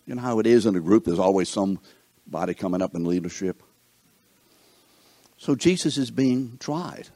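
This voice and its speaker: A man leads a Bible lesson, firing questions at his listeners. His husky voice swings widely in pitch. The sound is close and dry. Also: normal speed, pauses often, dry recording. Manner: animated, asks the class questions. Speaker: Bible teacher.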